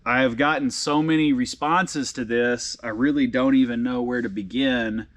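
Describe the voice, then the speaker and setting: A man in his thirties hosting a casual vlog, reading fan messages aloud, halting and emotional with frequent restarts. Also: medium pitch, steady tone, fairly bright tone. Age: 30s. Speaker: vlog host and tattoo artist.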